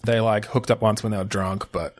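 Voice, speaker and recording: A man's voice: fairly low pitch, steady tone, fairly quick, dry recording. A man co-hosting a podcast, brainstorming game ideas in casual chat, laughing often, swearing and restarting his sentences. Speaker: podcast co-host.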